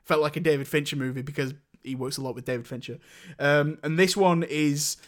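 Young guy rambling about movies, kinda high voice, lots of likes. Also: a little fast. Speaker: podcast co-host reviewing films. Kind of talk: casual chat.

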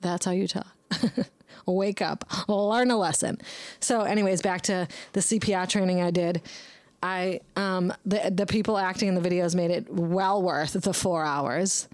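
Blunt, foul-mouthed woman rambling with low pitch. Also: steady tone, measured pace, no echo. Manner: swears heavily, rambling and blunt; talks back to herself by name. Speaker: podcast host. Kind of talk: casual monologue.

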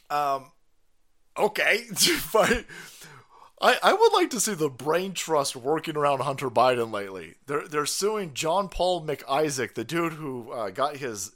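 A high-pitched man rants on a live stream, his voice swooping up and down as he mocks and swears. He talks in a crude, scoffing way and keeps breaking into laughter. It sounds like a close home streaming mic. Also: sing-song, slow pace, fairly bright tone. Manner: crude, mocking, laughs often. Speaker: podcast host. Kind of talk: profane comedic political rant.

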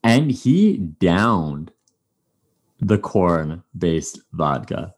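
A man's voice: sits low, big pitch swings, very slow. A man hosting a podcast, chatting casually and rambling with many fillers and restarts. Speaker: podcast host. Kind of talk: casual chat.

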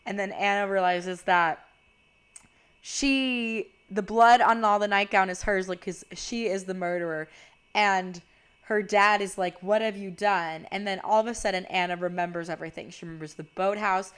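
A woman's voice: medium pitch, fairly even intonation, moderate pace, a bit bright, smooth. A young woman casually recapping a movie plot, chatty and peppered with "like", swearing freely.

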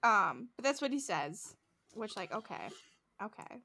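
There's slight background noise as a young woman co-hosting a podcast retells a show's plot in a measured, sing-song, mid-range voice that sounds creaky, pushed and bright. It's a casual, rambling storytelling chat loaded with filler, likes and quoted voices.

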